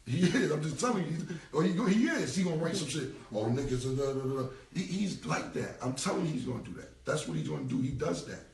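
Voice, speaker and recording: A man's voice: fairly high pitch, expressive, quick pace, vocal fry, hardly any pauses, reverberant, recorded from a distance. A man, talking bluntly and repetitively in a casual live-stream rant. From United States. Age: 40s. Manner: blunt, repetitive street talk. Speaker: rapper.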